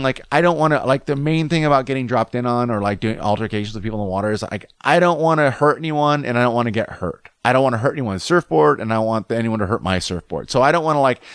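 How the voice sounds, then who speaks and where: A man in his thirties from Southern California hosts a solo podcast, telling a story in a profane, worked-up way. He talks at a rapid clip in a mid-pitched voice. The sound is dry and close. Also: a bit bright, clean tone, dry recording. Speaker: podcast host.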